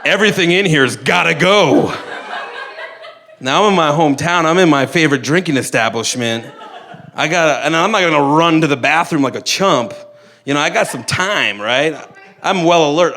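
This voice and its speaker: A young man stands at a stage microphone and tells a funny story at a live event. His voice sits a little high. He rambles, starts over and pokes fun at himself as he goes. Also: normal speed, fairly bright tone. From Canada. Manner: rambling, self-mocking, with restarts.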